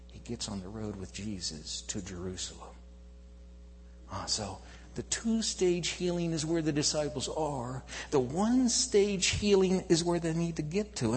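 A man preaches a sermon in a church, retelling stories with animated shifts from booming to hushed. His voice sits in a middle register. A long hall reverb hangs on his words. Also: slight background noise. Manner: animated storytelling, swinging from loud to hushed. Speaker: pastor.

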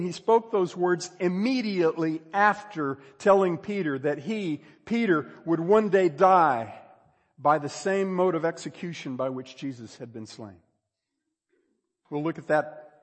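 Male pastor, higher voice, dynamic sermon delivery, long hall reverb. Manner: dynamic preaching, swings from hushed to loud emphasis.

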